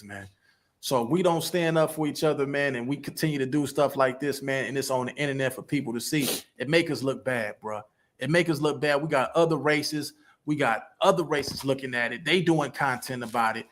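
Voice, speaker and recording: Earnest man speaking in an interview. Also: fairly high pitch. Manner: earnest, pleading.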